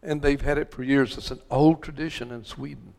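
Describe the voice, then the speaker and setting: A man's voice: mid-range voice, fairly even intonation, fairly quick, gravelly, a little mellow. An older man from West Texas preaching a sermon, telling stories in a rambling way full of restarts and repeated words.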